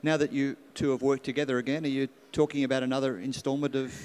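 Brisk male panel moderator. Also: medium pitch, flat delivery, a little mellow, clean tone. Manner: brisk, businesslike.

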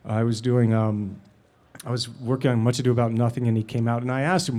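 A middle-aged man speaking as a guest at a live Q&A, searching for his words with plenty of ums and false starts. His voice sits at an ordinary male pitch. He laughs easily between thoughts. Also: steady tone, dark tone. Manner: halting, with many fillers and restarts, laughing often. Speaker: actor and guest at a Q&A. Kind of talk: anecdotal Q&A talk.

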